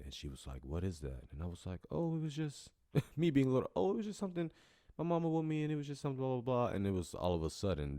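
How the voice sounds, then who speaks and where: Young male podcast host, very low voice, dry close sound, earnest personal storytelling. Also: mellow, dry recording. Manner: earnest, emotional, conversational with fillers.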